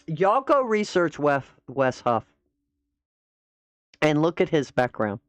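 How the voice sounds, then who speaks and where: A woman's voice: sits low, big pitch swings, takes it slowly, dry recording. A woman hosting a reaction commentary, sarcastic and dismissive. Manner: mocking, dismissive. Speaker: commentary host.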